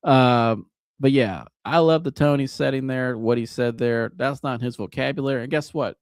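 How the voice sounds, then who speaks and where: Casual gravelly-voiced sports show host. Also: male voice, mid-range voice, normal speed, no echo, studio quality. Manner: animated, casual, joking and swearing. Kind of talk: live sports reaction show.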